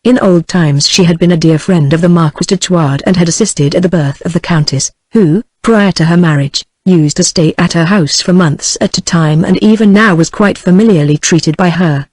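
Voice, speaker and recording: A text-to-speech woman's voice with a British accent, reading a classic novel in an even, measured way. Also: fairly low pitch, no echo. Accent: British English. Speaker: audiobook narrator. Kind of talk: synthetic audiobook narration.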